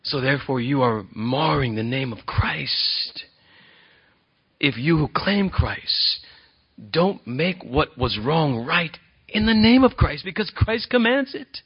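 A man preaching a sermon as pastor, earnest, moving between quiet and emphatic delivery. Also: on the high side, expressive, slow, husky. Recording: dull lo-fi sound.

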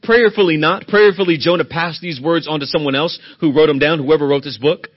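A man preaching a sermon as pastor, swinging between loud emphatic peaks and hushed, low passages. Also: steady tone, a little fast, highs cut off.

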